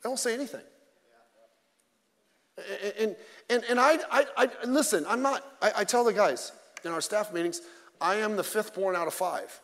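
A man's voice: sits high, normal speed, a bit bright, long reverb tail. A male pastor preaching a sermon in an emphatic, conversational way, mixing in self-deprecating jokes.

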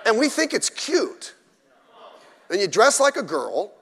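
A man's voice: high voice, wildly swooping pitch, a little slow, fairly bright tone, slightly rough. A male pastor preaching a sermon at a midweek service, blunt and emphatic with mocking asides. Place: church during a midweek service. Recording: echoey church hall.

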